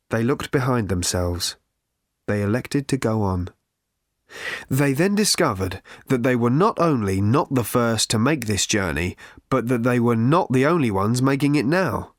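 A man narrating an audiobook in a measured, wry storytelling manner. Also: medium pitch, animated, no echo, clean studio sound. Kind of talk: scripted narration.

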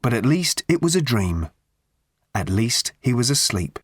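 A man narrating an audiobook with dry, expressive storytelling. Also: mid-range voice, unhurried, husky, dry recording. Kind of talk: scripted narration.

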